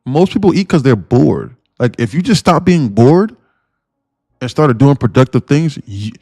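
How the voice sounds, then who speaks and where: A man in the middle of his usual pitch hosts a trading livestream, casual and slangy. He rambles, loops back on his own phrases and throws out blunt rhetorical questions. The sound is dry and close, with no room around it. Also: expressive, measured pace, dark tone, husky, dry recording. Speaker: day-trading livestream host.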